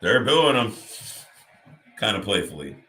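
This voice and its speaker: Bright-voiced man hosting a live reaction stream. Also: lowish voice, very animated, unhurried. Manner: chatty, talks to chat viewers by name. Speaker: watch party host.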